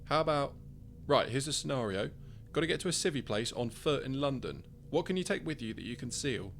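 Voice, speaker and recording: A seasoned team leader with a faded Welsh lilt, voiced by a man talks in a dry, commanding way. His voice sits higher than the narration and has a gravelly grain. A faint hum runs underneath. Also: animated, a little fast, natural voice. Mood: briefing.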